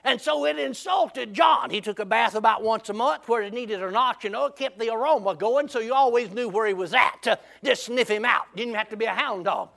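A man preaching, telling a folksy story in a lively, drawling way. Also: extremely high pitch, a little fast, gravelly, hardly any pauses.

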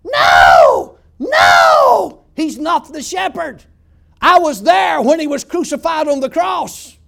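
A man's voice: extremely high pitch, wildly swooping pitch, takes it slowly, vocal fry, a bit bright, shouting, voice pushed up, heavily acted. A man voicing a screaming male demon in a shrieking, howling voice. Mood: defiant shrieking.

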